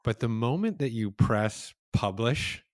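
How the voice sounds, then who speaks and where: A man's voice: mid-range voice, lively intonation, unhurried, dry recording. A middle-aged man hosting a conversation, speaking in a reflective, hesitant way. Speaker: podcast host. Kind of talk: casual conversation.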